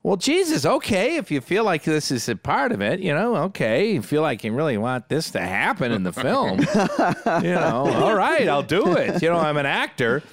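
A man voicing a panicked middle-aged male actor who yelps in high, outraged disbelief. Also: wildly swooping pitch, quick pace, no room sound, clean studio sound, exaggerated voice. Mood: reluctant.

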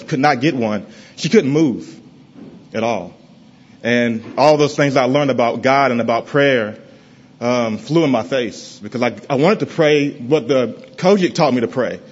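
Man, middle-range voice, halting testimony before a congregation, muffled low-fi sound. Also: a little hiss or hum. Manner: halting, with many pauses and restarts, often dropping soft and low. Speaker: father giving a church testimony. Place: church in front of a congregation.

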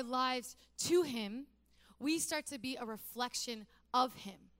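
A woman's voice: sits high, takes it slowly, a bit bright. A woman pastor giving a conversational, humorous sermon that builds to emphatic repeated phrases.

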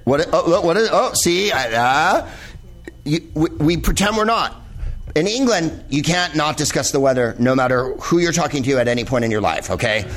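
A man's voice: on the high side, lively intonation, moderate pace, a bit bright. A man hosting a live show, delivering a rambling, profane comic monologue full of digressions. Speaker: comedian host. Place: live venue in Los Angeles with audience.

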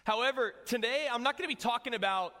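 A man's voice: extremely high pitch, quick pace, sharp tone. A young man preaching a sermon in a casual, joking way, telling a personal story to his church. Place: church hall. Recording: long hall reverb.

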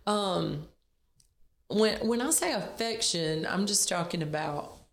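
A woman with a somewhat low voice co-hosts a frank podcast about marriage. She speaks earnestly, laughs easily and often restarts her sentences. The room around her rings with echo. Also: takes it slowly. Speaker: podcast co-host. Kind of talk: candid marriage podcast chat. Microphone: on camera.

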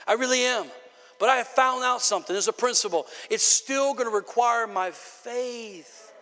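High-voiced preacher in a reverberant church. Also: male voice, normal speed, bright, forceful tone, soft background music. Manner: emphatic, repeats for emphasis, stammers on restarts. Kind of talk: sermon. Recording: long hall reverb.

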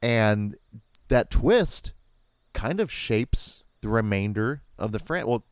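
A man's voice: fairly low pitch, expressive, slow, smooth, dry recording, clean studio sound. A man co-hosting a podcast, discussing a horror franchise in a wry, rambling, playful way. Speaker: podcast co-host. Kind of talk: casual movie commentary chat.

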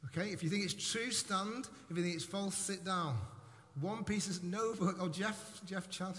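A middle-aged man leads a sermon in a jokey, playful manner, teasing the people in front of him. His voice sits high and bright. It rings through a reverberant church hall, with a faint hiss underneath. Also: moderate pace. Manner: playful, jokey, addressing the congregation. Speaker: pastor. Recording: echoey hall with faint noise.

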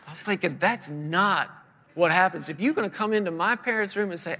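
A man's voice: high voice, fairly quick, sharp tone, big-room sound. A man in his thirties preaching a sermon as a pastor, telling humorous stories and acting out the voices of the people in them.

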